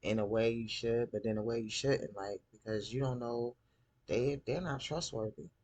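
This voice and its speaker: Husky male recap host, animated, jumps up to play characters. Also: moderate pace. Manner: animated, acts out characters' lines in raised pitch. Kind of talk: casual TV episode recap.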